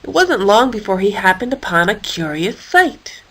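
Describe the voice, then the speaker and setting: A woman reading a children's story aloud with a playful, expressive manner. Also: mid-range voice, normal speed, poor audio. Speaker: storybook reader.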